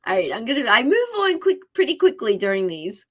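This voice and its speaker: A woman's voice: high-pitched, sing-song, moderate pace, a bit bright. A woman working as an animal communicator, giving live readings in a chatty way, often repeating herself and laughing.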